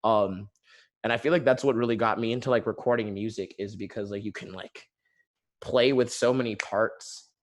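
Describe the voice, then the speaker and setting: A man's voice: on the low side, fairly even intonation, normal speed. A man guest artist talking casually on a video call, rambling with lots of filler words. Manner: rambling, heavy use of "like" fillers.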